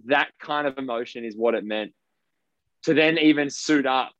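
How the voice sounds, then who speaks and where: An Australian man speaks at an ordinary middle pitch, blunt and emphatic, dropping swear words without a second thought. The sound is dry and a little dull, like a lo-fi recording with no room around it. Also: moderate pace, fairly bright tone, no room sound. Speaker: professional basketball player guest. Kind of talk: casual interview storytelling.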